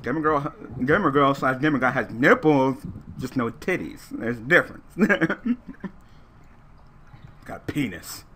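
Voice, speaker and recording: A man hosting a livestream, talking in a bright, animated voice that swings up and down. His manner is crude and joking, with frequent laughter. The chat is loose and casual. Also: mid-range voice, unhurried, long pauses, a little hiss or hum. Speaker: livestream host.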